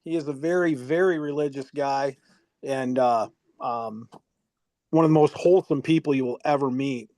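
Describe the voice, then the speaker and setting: A man, a former teammate, recalling school memories in a hesitant, halting way. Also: mid-range voice, mellow. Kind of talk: casual reminiscing.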